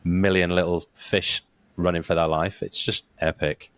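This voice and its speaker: A male podcast host, telling stories in a relaxed, casual way and swearing now and then. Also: sits low, normal speed, clear, resonant tone. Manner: relaxed storyteller, swears casually, says mate. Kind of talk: casual interview chat.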